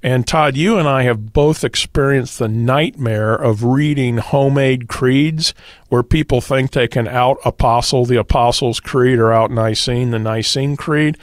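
A man speaks as a pastor on a radio discussion, patient and teacherly as he works through verses, with the odd "uh" along the way. His voice sits at an ordinary pitch. The recording is close and dry, with no room sound. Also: unhurried, dry recording. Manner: teacherly, quotes scripture, occasional fillers. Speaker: pastor, guest. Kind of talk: radio discussion, explaining doctrine.

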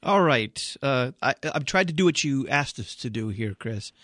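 A man hosting a radio talk show, brisk and questioning. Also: medium pitch, lively intonation, fairly bright tone, dry recording, studio quality.

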